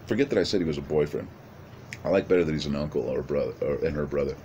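A man with a very low voice pitching a movie idea in a loose, rambling way, swearing freely and restarting his sentences. A faint hiss sits under his voice. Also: fast, dark tone. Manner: rambling, profane, many restarts. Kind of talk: casual rambling monologue.

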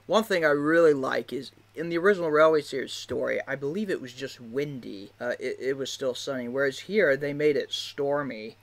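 Man, casual commentary, rambling, filler words, medium pitch. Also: vocal fry, sharp tone. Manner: rambling, many fillers, laughs often. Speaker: video creator.

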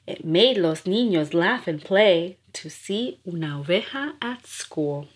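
A woman's voice: on the low side, expressive, slow, husky. A woman reading nursery rhymes aloud in a playful, rhythmic, sing-song way. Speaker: storyteller.

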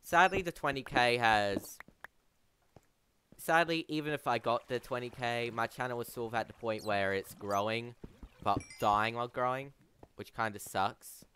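A man's voice: medium pitch, normal speed, pushed and bright, slight background noise. A man streaming a game, chatting casually and rambling to his chat, calling them bro. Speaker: gaming streamer.

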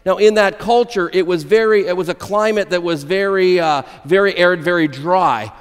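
A man's voice: high voice, normal speed, clear, resonant tone, big-room sound. A man preaching a sermon as pastor, emphatic and repeating key phrases, telling illustrative stories to his congregation. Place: church sanctuary.

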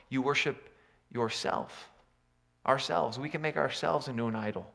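A man preaching a sermon, swinging between loud emphatic lines and quiet low asides. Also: normal speed, creaky. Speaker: pastor.

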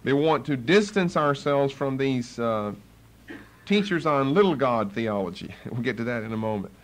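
A man's voice: medium pitch, lively intonation, moderate pace. A man preaching a Bible study sermon as pastor, emphatic, driving points home by repeating key phrases.

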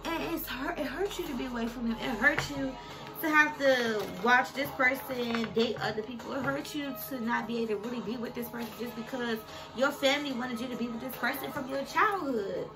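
A woman's voice: high voice, fairly quick. A woman doing a casual tarot reading who talks straight to her viewers and gets emotional. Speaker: tarot reader. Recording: music playing behind her.

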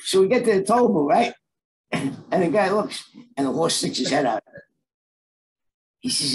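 His voice is high and his pace moderate, broken by long pauses, and the recording is rough. The speaker is a middle-aged storyteller guest, animated and streetwise, who relates a story casually while acting out its voices.

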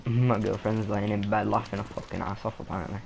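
A man's voice: lowish voice, steady tone, brisk, creaky, background noise. A man chatting crudely and joking while gaming online. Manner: crude, joking, laughs often. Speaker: gamer. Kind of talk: casual chat while gaming.

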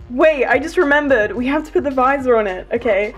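A woman hosting a casual unboxing vlog, gushing and excitable with frequent gasps over her new toys. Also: high-pitched, a little slow, lo-fi sound, faint music behind. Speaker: toy collector vlogger.

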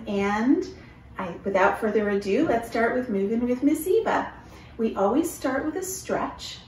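High-voiced woman leading kids' movement. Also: far from the mic. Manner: gentle, encouraging, sings along. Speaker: children's movement teacher. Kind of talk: children's movement and song lesson. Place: her home. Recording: roomy, from away from the mic.

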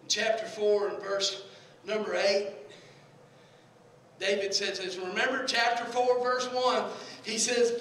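High-voiced Southern preacher, echoey hall. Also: male voice, steady tone, moderate pace. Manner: swings from shouted preaching to soft hushed passages. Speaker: pastor. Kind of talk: sermon. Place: large church sanctuary. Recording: echoey church hall from far off.

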